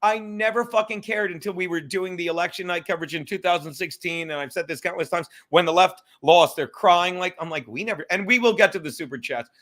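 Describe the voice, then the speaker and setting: Male podcast host, profane comic ranter, high bright voice. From New York. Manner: profane, joking, quick rants. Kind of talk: casual comedic chat.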